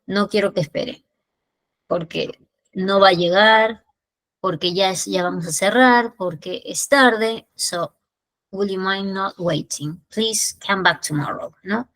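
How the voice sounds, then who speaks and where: A woman with a Peruvian Spanish accent teaching an English lesson, mixing Spanish explanations with slowly drawn-out English example sentences. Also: lowish voice, a bit bright, no room sound, rough recording.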